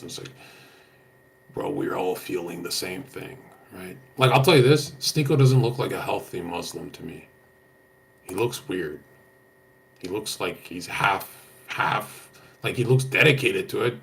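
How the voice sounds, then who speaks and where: Gravelly-voiced young man, blunt slangy streamer. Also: sits low, a little hiss or hum. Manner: blunt, slangy, swears, says "bro" a lot. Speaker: livestreamer answering chat. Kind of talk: casual stream chat.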